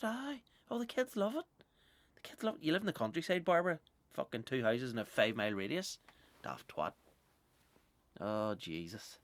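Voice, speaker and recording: A man's voice: medium pitch, dry recording. A Northern Irish man, a comedian, ranting through a sweary, exasperated, rambling monologue. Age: adult with young children.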